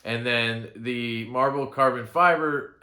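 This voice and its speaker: A man's voice: medium pitch, takes it slowly, bright, forceful tone, roomy sound. A young man talking casually through an unboxing, rambling and correcting himself often. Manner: rambling, with frequent ums and self-corrections. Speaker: knife reviewer.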